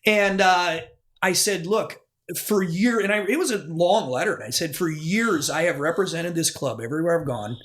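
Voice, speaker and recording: A former club DJ, guesting on a podcast, tells a long rambling story in casual conversation, frequently restarting and acting out what people said. His voice is a little high and fairly bright, at a moderate pace.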